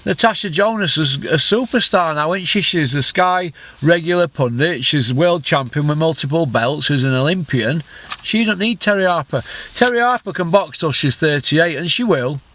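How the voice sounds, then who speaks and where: Blunt man with a high voice. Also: animated, moderate pace, fairly bright tone. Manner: blunt, rhetorical questions, mocking. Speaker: boxing vlog host. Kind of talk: opinionated solo commentary.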